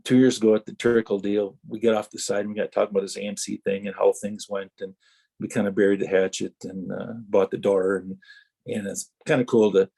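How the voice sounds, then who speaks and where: His voice sits lowish and sounds gravelly and husky, moving a little fast. As a podcast guest, the middle-aged former racer from Wisconsin tells animated, rambling racing stories, acting out the exchanges he quotes.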